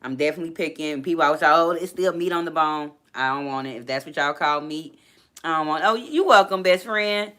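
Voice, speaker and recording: Woman, live-stream host, casual comment chat, bright voice, animated, laughs a lot. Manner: chatty and animated, laughs often, quick pitch jumps. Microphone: laptop.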